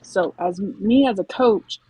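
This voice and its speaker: A woman basketball coach talking in a soft-spoken, reserved way about her team in a casual conversation. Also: mid-range voice, unhurried, slightly rough, rough recording.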